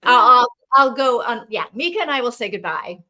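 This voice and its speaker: A woman hosting a book club livestream in casual chat, animated and rambling with lots of fillers. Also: on the high side, normal speed, crowd noise.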